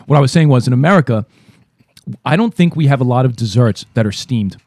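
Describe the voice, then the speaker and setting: A man's voice: mid-range voice, animated, fairly quick, darkish tone, no echo. A man co-hosting a podcast, joking and teasing crudely in casual chat. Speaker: podcast co-host.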